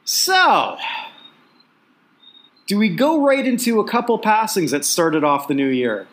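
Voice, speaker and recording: A man's voice: high voice, very animated, a little slow, a bit bright. A man hosting a sports podcast in casual chat, rambling and repeating words, chuckling often. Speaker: podcast host.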